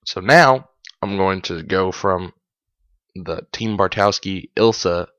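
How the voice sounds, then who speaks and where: Male podcast host, low voice, chatty and amused, dull dry home recording. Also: slow, fairly bright tone, no room sound. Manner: chatty, amused, corrects himself mid-sentence. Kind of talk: casual episode recap.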